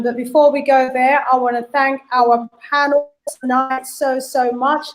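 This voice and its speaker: High-voiced woman hosting a panel. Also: low-quality recording. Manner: warm sign-offs and brisk cueing of speakers. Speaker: host. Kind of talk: online panel show hosting.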